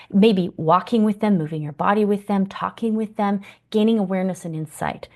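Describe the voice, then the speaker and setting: A woman talks through relationship lessons in an earnest, encouraging teaching voice at a middle pitch. Now and then she bursts into big, exaggerated voices to act out feelings. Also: darkish tone. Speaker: relationship coach. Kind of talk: teaching talk.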